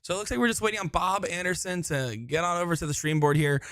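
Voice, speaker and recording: A man's voice: sits high, fast talker, a bit bright, clean studio sound. A man commenting live on a darts tournament from a busy hall, chatting and joking about himself. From Florida. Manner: chatty, joking, self-deprecating.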